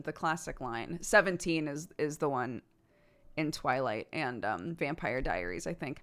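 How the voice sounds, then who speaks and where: Lively low-voiced woman streamer chatting. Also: measured pace. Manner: animated, frequent laughter, casual swearing. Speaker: streamer answering chat. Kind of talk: casual live-stream chat.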